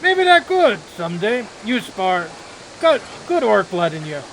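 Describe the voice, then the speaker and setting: A man's voice: sits high, very animated, a little slow, fairly bright tone, a little hiss or hum, pitched above the performer's own voice, heavily acted, low-quality recording. A man voicing a downtrodden male orc factory laborer who talks in blunt, broken, clipped phrases. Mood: gruff.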